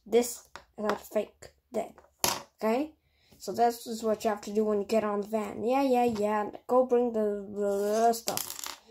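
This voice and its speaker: A woman's voice: fairly high pitch, a little hiss or hum. A woman voicing toy figures in a playful stop-motion play, switching between characters in dialogue.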